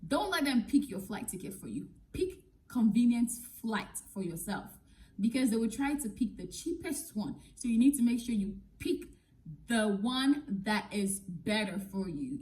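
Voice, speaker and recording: A woman's voice: fairly high pitch, darkish tone, low-quality recording. A woman from Nigeria who works as an English teacher, giving frank, direct advice to camera in a casual vlog.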